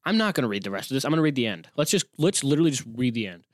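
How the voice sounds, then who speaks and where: A man hosting a casual solo podcast, with a medium-pitched voice. He rambles, gets sarcastic and swears freely. The sound is dry and close, with almost no room. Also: big pitch swings, racing, no room sound. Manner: rambling, sarcastic, swears often, interrupts his own reading. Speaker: podcast host. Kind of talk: casual solo podcast, reading and reacting to a listener story.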